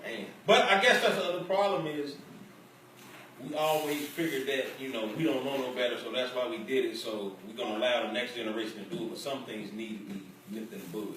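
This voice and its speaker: A man co-hosting a casual barbershop talk show, teasing with quick remarks. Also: mid-range voice, fairly bright tone. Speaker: co-host. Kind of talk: casual banter. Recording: echoey room from a distant mic, faint noise.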